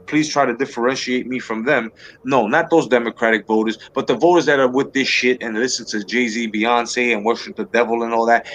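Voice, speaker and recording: A man in mid pitch, hosting a live talk stream and ranting hard against his opponents. He swears constantly, repeats himself and stumbles through restarts. A faint hiss of noise sits under his voice. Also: a bit bright. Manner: profane, heated, repeats himself and restarts often. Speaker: livestream talk show host. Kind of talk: heated political rant to a live chat.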